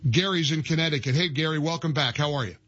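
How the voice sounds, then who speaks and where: A man's voice: a little high, fast, a bit bright. A man hosting a call-in talk radio show, mocking and combative with callers. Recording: dull lo-fi radio audio.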